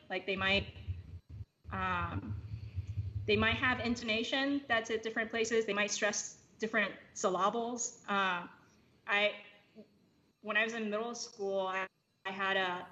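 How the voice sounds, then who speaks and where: A woman speaking casually as a podcast guest, explaining ideas with frequent fillers and restarts, picking up energy in animated bursts. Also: mid-range voice. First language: English. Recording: slightly dull lo-fi audio with faint background hiss.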